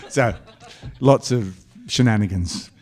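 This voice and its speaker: A man answering fan questions at a convention panel, telling lively anecdotes on a handheld mic. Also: lowish voice, takes it slowly. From Scotland. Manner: lively anecdotal storytelling with quoted voices and laughs. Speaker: convention panel guest actor. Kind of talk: storytelling Q&A panel.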